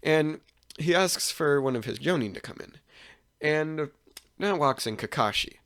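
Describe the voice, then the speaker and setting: A man's voice: on the high side, animated, unhurried, a bit bright. A man casually retelling a fan story, rambling with many restarts and fillers.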